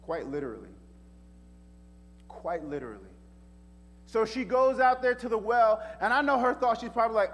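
A man preaching a sermon as pastor, animated and casual, full of slang and rhetorical questions. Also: high voice, moderate pace, long pauses. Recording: echoey hall reverb.

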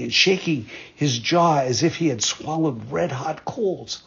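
A man narrating a fairytale in a measured, expressive storytelling manner. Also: a little high, gravelly, slightly rough, muffled recording.

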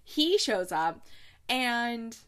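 A woman's voice: a little high, drawn-out words. A young woman casually recapping a movie plot, acting out the characters' lines and laughing often. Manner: animated storytelling, acts out lines, laughs often. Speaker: podcast host reviewing holiday movies.

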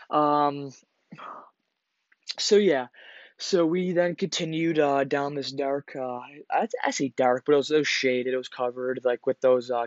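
A man's voice: mid-range voice, no echo. A man hosting a podcast, casually telling a personal story in a rambling, profane way, full of fillers and restarts. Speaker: podcast host. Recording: slightly dull lo-fi recording.

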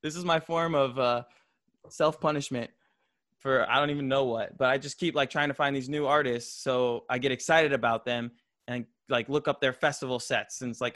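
In clean studio sound with no echo, a young man from Florida co-hosts a podcast, rambling and laughing often with plenty of fillers in casual talk. His mid-range voice is steady and a bit bright, at a moderate pace.

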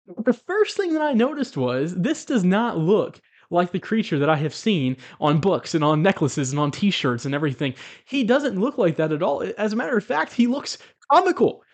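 A man telling the story of a dream as a spiritual testimony to viewers, chuckling as he speaks and closing with preachy exhortation. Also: high voice. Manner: animated, chuckles as he tells it. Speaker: Christian video blogger.

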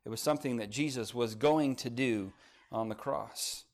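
A man preaching a sermon, rising to emphatic peaks and dropping to quiet, soft passages, and reading scripture aloud. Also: medium pitch, moderate pace. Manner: reads scripture in old-style phrasing. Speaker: pastor.

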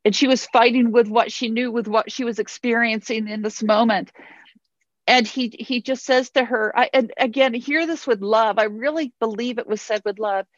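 A woman's voice: on the high side, fairly even intonation, normal speed, no room sound, muffled recording. A woman pastor preaching a sermon in an earnest way, repeating phrases for emphasis.

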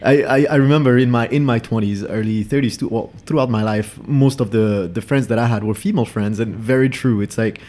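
A man's voice: medium pitch, brisk, hardly any pauses, a little mellow. Reflective man in confessional chat. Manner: reflective, confessional, repeats words. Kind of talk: casual podcast chat.

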